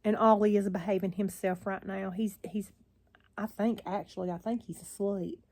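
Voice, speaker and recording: A woman's voice: medium pitch, steady tone, normal speed, a little mellow. An older woman vlogging into her phone, chatting in a rambling, weary way with frequent sighs. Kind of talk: casual chat to camera.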